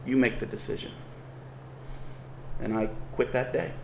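A man's voice: medium pitch, a little slow, gravelly, slight background noise, rough recording. A man preaching a sermon, earnest and building emphasis as he reads scripture.

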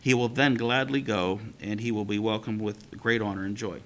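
A man's voice: lowish voice, fairly even intonation, normal speed, fairly bright tone, voice pushed down, close to an everyday voice. A man reading as a solemn divine voice. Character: solemn divine male voice declaring a plan.

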